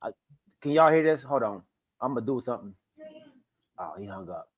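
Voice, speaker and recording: A man's voice: medium pitch, expressive, fairly quick, no room sound, dull audio. Laid-back man in casual podcast chat. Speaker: podcast co-host.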